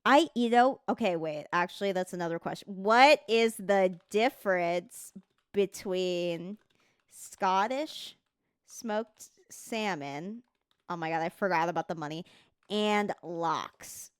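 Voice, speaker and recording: A woman's voice: medium pitch, lively intonation, slow, clean tone, dry recording, clean studio sound. A woman streamer chatting casually on a livestream, reading text aloud, swearing freely and stumbling over words as she reads.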